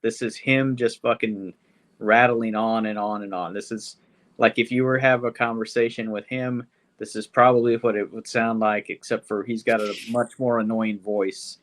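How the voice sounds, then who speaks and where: A man's voice: on the low side, flat delivery, moderate pace, a bit bright. A man hosting a podcast, reviewing a movie in rambling casual chat full of swearing. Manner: rambling, swearing, frequent fillers. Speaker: podcast host. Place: podcast studio.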